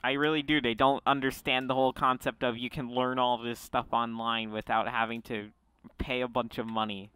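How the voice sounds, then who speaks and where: Bright, crisp-voiced young man. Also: level tone, moderate pace, no echo. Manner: rambling, self-correcting, jumps in pitch and loudness. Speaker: podcast host. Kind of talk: casual podcast chat.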